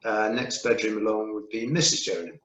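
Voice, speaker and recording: A man narrating as game master, relaxed and playful, asking players for checks. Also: on the low side, brisk, roomy sound, low-quality recording.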